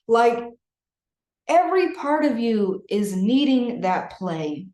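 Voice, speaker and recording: Woman, energy healer, playful, laughing, unhurried, echoey room. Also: a little high, big pitch swings, mellow. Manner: playful, laughing, breathy coaching. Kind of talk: spiritual healing session. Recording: roomy echo.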